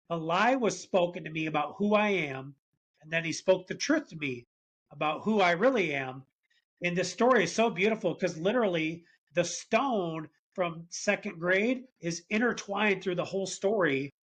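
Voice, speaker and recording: A man as a podcast guest, telling a personal faith story in an earnest, animated way. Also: high voice. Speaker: podcast guest, business founder. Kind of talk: conversational storytelling interview.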